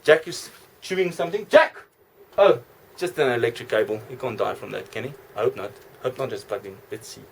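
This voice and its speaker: A man's voice: medium pitch, fairly quick, vocal fry, a little hiss or hum. A man vlogging in a rambling, jokey, self-correcting way. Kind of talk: rambling casual monologue.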